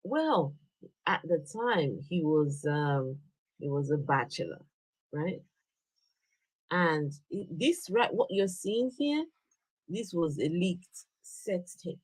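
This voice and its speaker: A woman hosting a casual livestream chat, animated and quick to laugh and exclaim. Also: fairly low pitch, slightly rough, dry recording. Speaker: livestream host.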